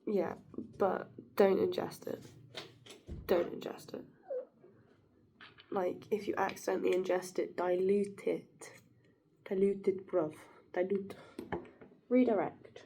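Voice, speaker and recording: A woman's voice: medium pitch, flat delivery, slow, pauses often, warm tone, slight background noise. A woman talking to camera in a rambling, giggly monologue, musing philosophically and drifting off her point. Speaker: vlogger.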